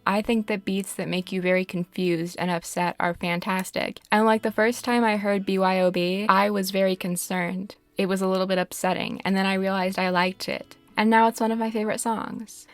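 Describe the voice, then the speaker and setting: A woman giving casual gameplay commentary, rambling with dramatic, deadpan humor. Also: medium pitch, creaky. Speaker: gaming video creator.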